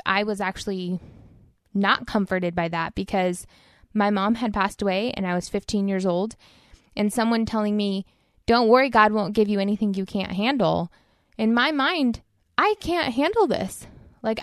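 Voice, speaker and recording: A woman co-hosts a faith podcast, explaining scripture in an earnest, conversational tone. Her voice is mid-pitched and sounds dry and close, with no room echo. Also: normal speed. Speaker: podcast co-host. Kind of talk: casual faith podcast discussion.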